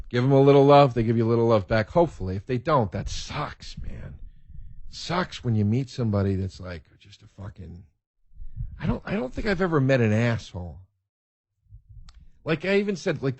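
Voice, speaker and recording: A man hosting a podcast, telling stories in a casual, profane, excitable way and laughing as he talks. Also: medium pitch, a little fast, dry recording. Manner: profane, excitable storyteller who laughs mid-sentence. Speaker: podcast host. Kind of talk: casual storytelling.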